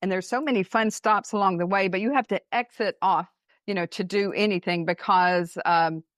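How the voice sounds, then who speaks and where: A woman who writes about travel, recounting bike trips as a radio guest. She tells her stories in a lively, laughing way and rushes through the exciting parts. Her middle-pitched voice sounds dry and close to the mic, with no room echo. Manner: animated storyteller, laughs and speeds up. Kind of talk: casual interview storytelling.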